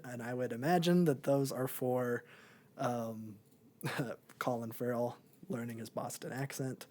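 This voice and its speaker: A man's voice: medium pitch, a little mellow. A young man co-hosting a podcast, chatting casually about a movie in a rambling, laid-back way with lots of filler. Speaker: podcast co-host. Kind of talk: casual movie review chat.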